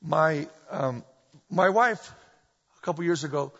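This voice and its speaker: A middle-aged man preaching a sermon, animated and full of humorous storytelling, recorded in a church hall. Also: fairly high pitch, unhurried, creaky. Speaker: pastor. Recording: dull echoey hall recording.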